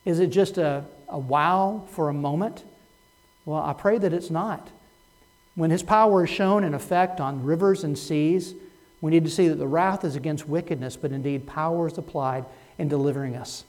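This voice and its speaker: A man delivering a sermon in a slightly raised voice. He swings from hushed, reflective lines to loud, rising emphasis. He tells stories in a dry, humorous manner. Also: normal speed. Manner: swings between soft low asides and loud rising emphasis. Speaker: pastor.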